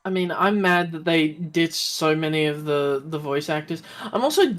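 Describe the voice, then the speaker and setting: A man's voice: fairly high pitch, normal speed, fairly bright tone. An Australian man chatting casually on a game stream, rambling with lots of fillers.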